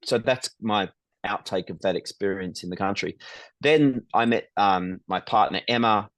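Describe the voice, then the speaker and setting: Middle-aged male guest, low and dry: reflective storyteller, hesitant with ums and restarts. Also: moderate pace, a bit bright, dry recording. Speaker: guest, business founder. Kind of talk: conversational interview storytelling.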